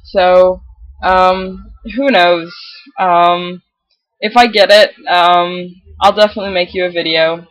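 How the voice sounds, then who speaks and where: A young man with a light, girlish-sounding voice, talking in a casual video diary and pausing often with ums. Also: sits high, steady tone, fairly bright tone, rough recording. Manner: hesitant, full of pauses and "um"s. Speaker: vlogger.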